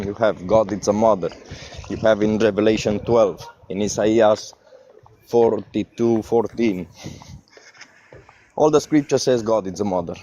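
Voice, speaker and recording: A man's voice: lowish voice, darkish tone. A man calling in as a Christian guest, insistently citing scripture. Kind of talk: debate argument. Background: faint background noise.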